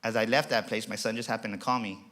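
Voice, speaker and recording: A man's voice: fairly low pitch, fairly even intonation, fast, pushed and bright. A middle-aged man giving a passionate motivational keynote as emcee, telling a personal story with emphasis. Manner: passionate, emphatic, acts out quoted voices. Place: auditorium stage.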